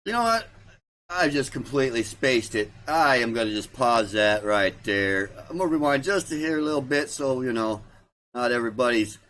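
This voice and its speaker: A man's voice: medium pitch, expressive, normal speed, fairly bright tone. A man hosting a casual livestream, rambling, repeating himself and trailing off as he talks. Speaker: livestream host.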